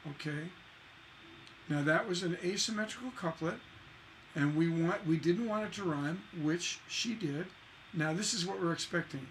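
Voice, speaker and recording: A man's voice: high voice, measured pace, a little hiss or hum. A man giving a songwriting lesson on a livestream. He talks with enthusiasm, repeats phrases for emphasis, asks rhetorical questions and sings out rhythms as "da da da.". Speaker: songwriting instructor.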